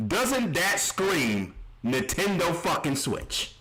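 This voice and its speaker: A man's voice: fairly high pitch, big pitch swings, takes it slowly, a crowd in the background, poor audio. A man streaming live reactions, ranting in an exasperated, heavily profane way.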